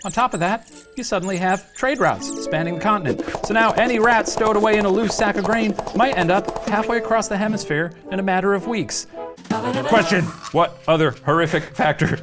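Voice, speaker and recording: Guy running a goofy history quiz show, excitable and hammy, music playing. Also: a little high. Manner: excitable, theatrical. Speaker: quiz host.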